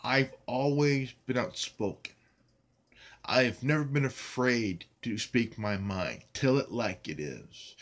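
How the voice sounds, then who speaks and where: A man's voice: medium pitch, takes it slowly. A man ranting angrily and defiantly at his critics in a vlog monologue, swearing constantly and hammering the same phrases over and over. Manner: profane, defiant, emphatic and repetitive. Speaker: YouTube channel host.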